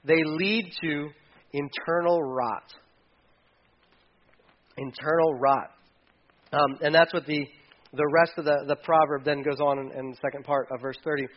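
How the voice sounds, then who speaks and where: Emotive preacher with sudden loud bursts. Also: male voice, on the high side, steady tone, measured pace, pauses often, lo-fi sound. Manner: conversational, swings from quiet asides to loud emphatic bursts. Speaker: pastor. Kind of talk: sermon.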